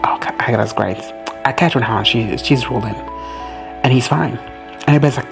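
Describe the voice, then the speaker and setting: Excitable, foul-mouthed man recapping a show. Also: mid-range voice, vocal fry, soft background music. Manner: excitable, rambling and profane, with quick quoted asides. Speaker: reaction video host. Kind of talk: casual show recap and reaction.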